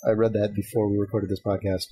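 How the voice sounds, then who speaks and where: A man's voice: fairly low pitch, husky, rough recording. A man hosting a casual podcast, reading listener emails aloud and chatting, laughing often. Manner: fast-talking, animated, laughs often. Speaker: podcast host.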